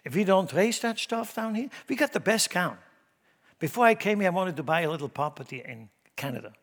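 A middle-aged man, a pastor preaching a sermon in a Midwestern church, swinging between loud exhortation and hushed asides. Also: sits high, big pitch swings, fairly quick.

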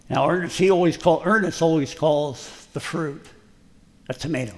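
A man's voice: on the high side, normal speed, creaky, a little mellow. A man preaching a folksy, emphatic sermon, joking at his own expense as a plain working guy. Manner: folksy, self-deprecating, emphatic. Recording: long hall reverb.

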